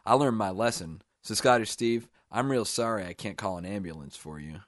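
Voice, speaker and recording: A man voicing a simple-minded young man ruled by his mother, talking in a loud, eager, childlike way. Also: fairly low pitch, normal speed, no room sound, studio quality, lightly acted. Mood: insistent.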